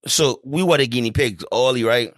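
A man with a middle-pitched voice chats in a relaxed way, swearing freely and telling funny stories. The recording is dry and close, with no room sound. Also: normal speed, no echo. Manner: laid-back, swears freely, laughs while telling stories. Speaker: podcast host. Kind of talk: casual chat.

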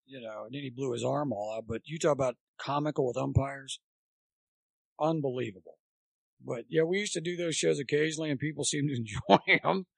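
An older man, once a college baseball coach, appears as a podcast guest and swaps coaching anecdotes in a casual chat, acting out what people said. His mid-range voice is husky with vocal fry, moves fairly quickly, and carries no echo.

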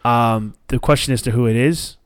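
A man hosts a podcast in a loose, chatty way, swearing freely and acting out other people's lines as he tells a story. His voice sits at an average pitch. It is recorded close in a dry room. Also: moderate pace, clean tone, dry recording. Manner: animated storyteller, swears casually, acts out quotes. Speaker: podcast host. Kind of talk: casual podcast chat.

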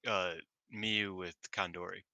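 A man co-hosting a podcast, excitable and quick to laugh and swear as he chats. His voice is very bright, and the sound is dry and close. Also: low voice, gravelly, smooth, no room sound. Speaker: podcast co-host. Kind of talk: casual podcast chat.

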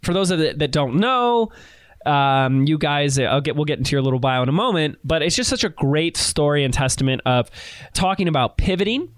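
A man's voice: fairly high pitch, lively intonation, fairly quick. A man hosting a podcast who talks emphatically and repeats key phrases for effect. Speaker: podcast host. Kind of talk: enthusiastic podcast interview.

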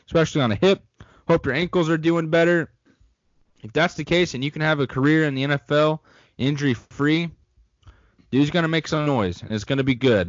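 A young man with a fairly high voice co-hosts a casual sports podcast, laid-back and jokey as he rambles through his opinions. The audio has no room sound and its highs are cut off.

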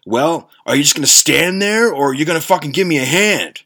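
A man's voice: a little high, animated, a little fast, sharp tone, voice pushed up, exaggerated voice. A man voicing a creepy, hulking stranger dressed in black, who talks in a brusque, mocking way.

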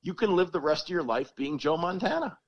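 A man's voice: on the high side, lively intonation, a little fast, no room sound, lo-fi sound. Rambling man telling sports anecdotes. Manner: rambling anecdotes with restarts and laughs. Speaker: sports talk guest. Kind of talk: casual sports talk, storytelling.

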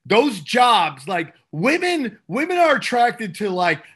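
A man co-hosting a podcast who chats casually and jokes in an excitable, crude way. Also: sits high, slow pace, breathy edge. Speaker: podcast co-host. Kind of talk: casual comedic chat.

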